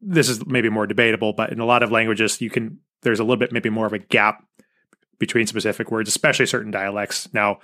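Bright-voiced American host. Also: male voice, fairly low pitch, flat delivery, fast talker, no echo, studio quality. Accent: American English. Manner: explanatory, side remarks to listeners. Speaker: podcast host. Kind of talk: casual interview chat.

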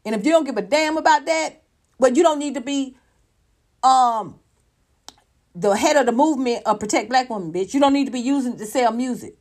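A woman with a slightly high voice rants on a livestream. She is blunt and profane, hammers home each point with emphasis, and speaks directly to her viewers. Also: brisk, a little mellow. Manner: talks straight to viewers and chat. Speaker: livestream commentator. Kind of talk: unscripted livestream rant.

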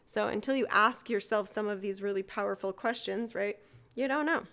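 A woman's voice: medium pitch, moderate pace, fairly bright tone. A woman hosting a motivational solo podcast, talking casually, laughing easily and swearing now and then. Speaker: podcast host.

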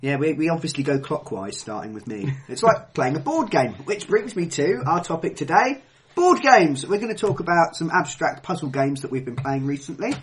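A man's voice: fairly high pitch, lively intonation, moderate pace, slight background noise. A man hosting a casual podcast chat, laughing often and poking fun at himself. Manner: laughs often, self-mocking. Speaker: podcast host.

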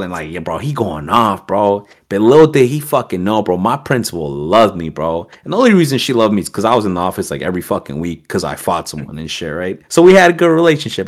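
A man's voice: fairly low pitch, fast, hardly any pauses. A man telling a story as a podcast guest, in a casual streetwise manner with heavy swearing. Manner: streetwise slang, heavy swearing, animated quoting.

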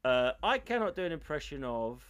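A British man cracking jokes on a podcast in loose, playful chat, laughing a lot. His tone is bright and sharp, and his pitch leaps all over the place. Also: big pitch swings, brisk, clean tone. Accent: British English. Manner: jokey, playful, laughs a lot, jumps into silly voices. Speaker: podcast co-host. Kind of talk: casual chat.

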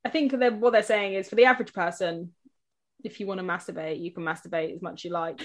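A woman's voice: on the low side, steady tone, quick pace. A young adult woman hosting a casual podcast, chatty and self-mocking, often restarting her sentences. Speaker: podcast host.

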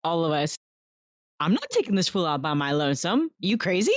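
Low-voiced woman player, dry sound. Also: sing-song, brisk, dry recording. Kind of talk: casual chat at a game table.

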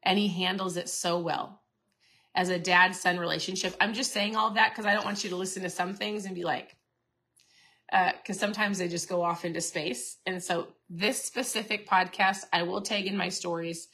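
Bright-voiced chatty woman host. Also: fairly low pitch, steady tone, moderate pace. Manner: chatty, earnest, restarts and repeats herself. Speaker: podcast host and keto coach. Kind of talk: casual motivational talk.

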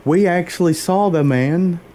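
A man as an interview guest, telling a personal faith story in an earnest, halting way, openly moved. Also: high voice, warm tone, slight background noise. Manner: earnest, halting, many fillers and restarts.

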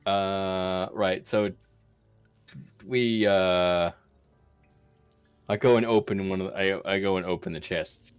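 A man playing a tabletop game, excitable and quick to swear, stumbling over restarts. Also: deep voice, clean tone, no echo, soft background music. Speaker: player. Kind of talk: casual tabletop game play.

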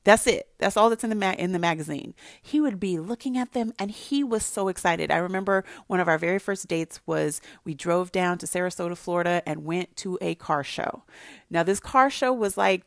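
A woman giving casual, animated marriage advice to wives, telling stories in a chatty way. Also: medium pitch, vocal fry, no echo, clean studio sound. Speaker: relationship advice speaker.

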